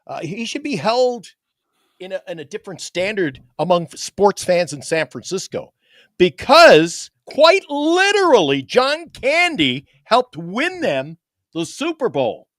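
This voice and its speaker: A man co-hosting a sports talk show, telling stories in a casual, excitable way. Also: high-pitched, unhurried, no room sound, clean studio sound. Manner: animated storyteller, excitable.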